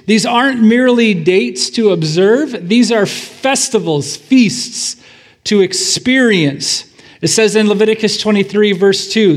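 A man pastor giving a sermon in a church, praying and then preaching in a conversational way with fillers and asides. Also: high-pitched.

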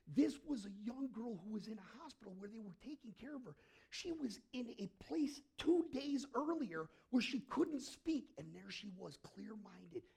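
A male pastor preaching a sermon, often asking the congregation questions and swinging between hushed and emphatic delivery. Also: sits high, sing-song, normal speed, vocal fry, slightly rough.

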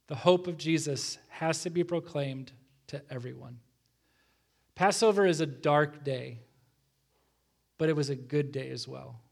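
A man's voice: medium pitch, vocal fry, a little mellow. A middle-aged male pastor giving an earnest sermon, reading scripture and telling a family story.

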